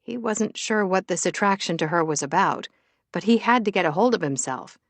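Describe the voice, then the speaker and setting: Dry, low-voiced woman narrating. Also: expressive, moderate pace, no echo. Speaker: audiobook narrator. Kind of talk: scripted narration.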